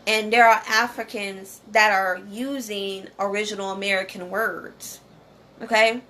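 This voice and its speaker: A woman's voice: medium pitch, steady tone, unhurried, pushed and bright. Casual woman talking to viewers. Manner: conversational, repeats "okay?" and "you know". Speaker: channel host.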